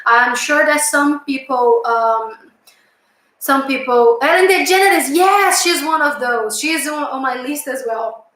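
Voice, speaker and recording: High-voiced woman in an echoey room. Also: lively intonation, measured pace, a bit bright. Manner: hesitant, lots of fillers and restarts, earnest. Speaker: channel host recounting a past-life memory. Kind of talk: casual storytelling.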